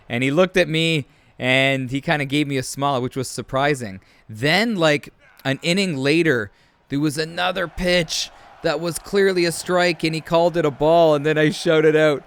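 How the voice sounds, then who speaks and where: A man's voice: a little high, normal speed, clean tone. A man from Canada, commentating a video game match and telling chatty stories. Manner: chatty, storytelling, animated shouts. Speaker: host.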